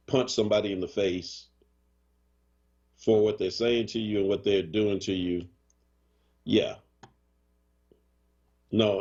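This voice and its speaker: A man's voice: on the low side, a little mellow, husky. A man hosting a talk radio show, speaking earnestly and conversationally, greeting listeners by name. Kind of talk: casual talk radio commentary. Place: radio studio. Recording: dull lo-fi radio stream.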